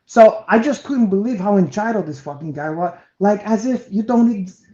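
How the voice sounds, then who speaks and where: A man co-hosting a chat over a video call, telling an animated story with heavy swearing, restarts and loud acted-out quotes. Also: sits high, moderate pace. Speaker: co-host. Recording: roomy, dull lo-fi stream audio.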